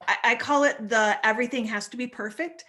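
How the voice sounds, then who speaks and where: A woman in her forties, a family stress coach, talking in an animated, conversational way as a guest speaker. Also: fairly high pitch, fairly quick. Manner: animated, acts out little voices while explaining. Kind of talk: conversational talk.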